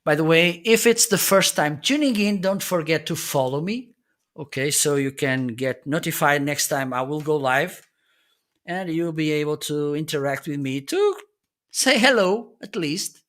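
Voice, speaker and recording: Testing desk USB microphones on a live stream, this gear-review host chats casually through his demo, frequently checking in with "okay?". His voice is on the high side and a bit bright, with lively intonation and an unhurried pace.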